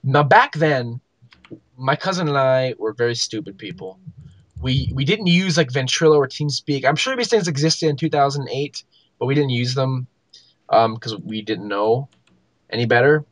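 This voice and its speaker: Young podcast co-host, lively storyteller, dry close sound. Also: male voice, medium pitch, normal speed, no echo. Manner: animated storyteller, many likes and ums. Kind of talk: casual chat, storytelling.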